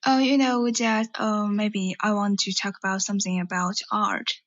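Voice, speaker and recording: A woman college student whose first language is Chinese, practicing English by asking halting questions. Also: mid-range voice, level tone, fairly bright tone, no room sound, muffled recording. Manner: halting, asks many questions. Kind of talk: casual English practice chat.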